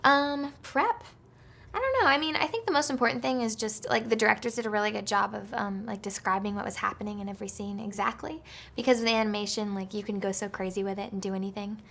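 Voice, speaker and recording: A woman's voice: medium pitch, quick pace, gravelly, a bit bright. A woman being interviewed about her voice acting, talking casually with lots of fillers. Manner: chatty, full of fillers like "like" and "um". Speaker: actress interviewed about voice work.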